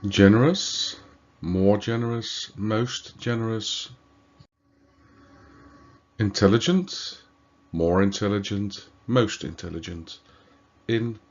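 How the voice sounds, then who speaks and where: A man, a native Dutch speaker, giving a slow, deliberate grammar lesson with occasional fillers and self-corrections. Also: fairly low pitch, animated. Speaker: language teacher. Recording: dull lo-fi recording.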